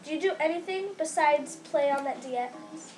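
A woman's voice: high-pitched, moderate pace, a little hiss or hum, low-quality recording. A young woman hosting a homemade comedy sketch show in a goofy, mock-earnest way. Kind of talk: playful amateur comedy sketch. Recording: loud guitar music behind.

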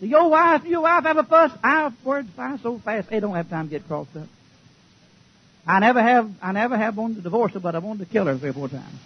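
A man preaching a fiery sermon to a church congregation, folksy and joking, sometimes shouting. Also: high voice, brisk, breathy edge, muffled recording.

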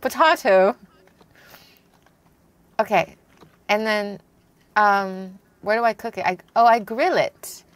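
A woman's voice: medium pitch, fairly even intonation, dry recording. An American woman streaming a cooking video game, chatting casually in a playful, giggly way. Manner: playful, giggly, quick asides.

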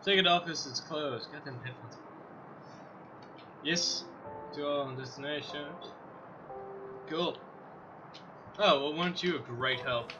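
A man's voice: on the high side, unhurried, long pauses, dull audio, music in the background. A man giving joking let's play commentary, swearing and talking back to the game's characters. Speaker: gameplay commentator.

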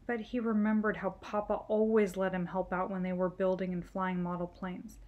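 Gentle woman reading a storybook. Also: medium pitch, level tone, moderate pace, lo-fi sound. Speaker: storytime reader. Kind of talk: children's book read-aloud.

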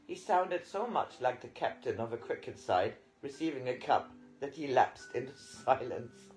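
A man reading a novel aloud as an audiobook narrator, with lively storytelling. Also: mid-range voice, normal speed, few pauses, rough recording. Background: faint guitar music.

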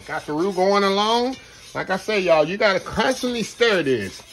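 Man, middle-aged, folksy rambling cooking host, slightly higher voice. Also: animated, moderate pace, fairly bright tone, slight background noise. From Texas. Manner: folksy, rambling, addresses viewers as y'all. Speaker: home cook host. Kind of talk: casual cooking demonstration.

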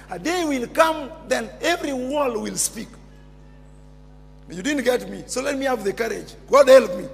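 A man with a Kenyan accent preaching a fiery sermon, jumping from shouts down to near-whispers. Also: extremely high pitch, creaky. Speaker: pastor. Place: large church hall. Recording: long church reverb.

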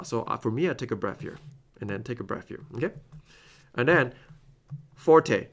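Teaching clarinet in a recorded masterclass, this man explains phrasing one step at a time and scat-sings passages. His medium-pitched voice has lively intonation and normal speed, broken by long pauses.

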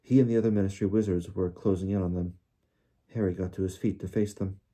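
A man narrating an audiobook in a measured, deliberate reading. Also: deep voice, steady tone, mellow, slightly rough. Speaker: audiobook reader.

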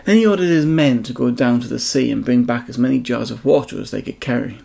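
A man telling a Bible story to children in an expressive storyteller's manner, now and then speaking straight to the kids. His voice has a gravelly, husky grain at a middle pitch. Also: a little fast. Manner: expressive, addresses children directly.

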